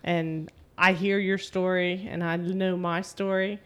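A middle-aged woman hosting a podcast, talking in a steady, sincere, plain-spoken way. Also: lowish voice, measured pace, smooth. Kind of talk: casual conversation.

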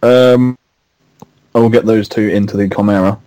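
Laconic man with a mellow voice. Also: lowish voice, fairly even intonation, normal speed, no room sound, poor audio. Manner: laconic, matter-of-fact. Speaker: player. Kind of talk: casual tabletop game play.

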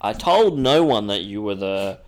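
A man's voice: on the low side, animated, measured pace. A man playing an earnest younger male politician who demands answers from a ghost, in a podcast role-play. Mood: pleading.

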